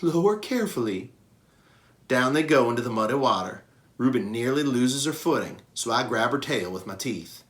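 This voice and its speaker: A man reading a children's novel aloud with expressive narration. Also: medium pitch, normal speed. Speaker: reader. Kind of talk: storybook read-aloud.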